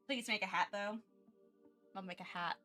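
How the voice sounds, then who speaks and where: A woman's voice: mid-range voice, measured pace, bright, forceful tone, soft background music. A woman streamer chatting casually during her art livestream, rambling with many restarts and frequent giggles.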